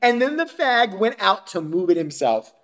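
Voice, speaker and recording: Male podcast co-host; crude, profane storyteller with an animated, swinging delivery. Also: high voice, normal speed. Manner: crude, profane ranting storytelling with frequent laughter. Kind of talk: casual chat.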